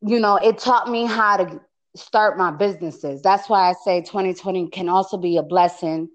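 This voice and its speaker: A woman hosting a podcast, talking in a relaxed, chatty way. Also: fairly low pitch, highs cut off. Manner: relaxed, chatty, frequent affirmations. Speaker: podcast host. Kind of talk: casual podcast conversation.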